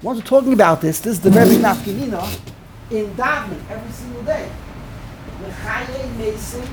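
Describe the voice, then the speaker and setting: A man teaching a student in an informal lesson. He talks in an animated way, repeats and restarts words, and slowly sounds out the words he is teaching. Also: high-pitched, very noisy. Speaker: teacher of prayer pronunciation.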